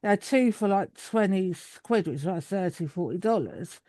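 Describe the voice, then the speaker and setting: A woman's voice: mid-range voice, lively intonation, moderate pace, dark tone, no room sound. A woman in her thirties, chatting over a video call in a rambling way with many restarts. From England. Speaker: guest. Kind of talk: casual video call chat.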